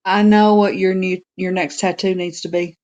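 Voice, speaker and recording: A woman's voice: fairly low pitch, level tone, darkish tone, muffled recording. A woman chatting casually, teasing her friend and adding short replies. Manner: slow, teasing, short back-channel replies. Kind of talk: casual chat.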